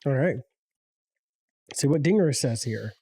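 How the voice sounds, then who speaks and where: A man co-hosting a casual sports picks podcast, easygoing and halting, often repeating his words. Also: mid-range voice, expressive, dark tone, breathy edge, no room sound. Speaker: podcast co-host.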